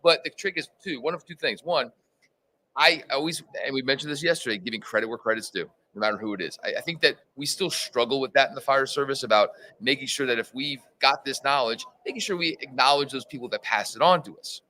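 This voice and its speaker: A man's voice: medium pitch, quick pace, poor audio. A man who teaches in the fire service, telling stories in an interview and acting out the dialogue as he goes. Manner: animated storyteller, acts out dialogue. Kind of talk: conversational storytelling interview.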